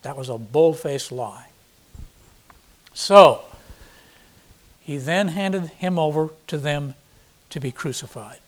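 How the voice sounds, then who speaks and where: A man preaching a sermon, reading scripture and explaining it in blunt, plain paraphrase, with dramatic emphasis on quoted lines. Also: a little high. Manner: dramatic, acting out quoted speakers with sudden loud emphasis. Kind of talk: expository sermon.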